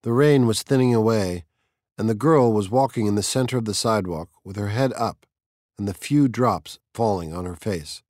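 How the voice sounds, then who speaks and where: A man with a fairly low voice narrates an audiobook in a measured, even storytelling style. The recording is studio quality with no room sound.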